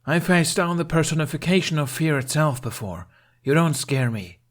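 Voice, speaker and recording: A man's voice: a little high, lively intonation, moderate pace, voice pushed up, natural voice. A man doing a defiant young winter spirit. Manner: challenging, raised voice.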